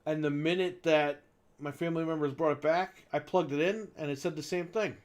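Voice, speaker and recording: A man casually telling a long story as co-host of a gaming show, animated and swearing freely as he acts out the people involved. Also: on the high side, a little fast.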